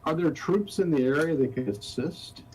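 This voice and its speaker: A man's voice: on the high side, normal speed, darkish tone, a little hiss or hum, poor audio. A man playing a tabletop game who makes wry jokes. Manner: wry, joking. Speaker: player. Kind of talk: casual tabletop game chat.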